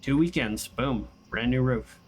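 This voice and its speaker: Speaking at a medium pitch and a little slowly, a young man hosts a gaming channel's casual let's-play, chatting and wandering into long side stories while playing. A slight hiss or hum runs under the audio.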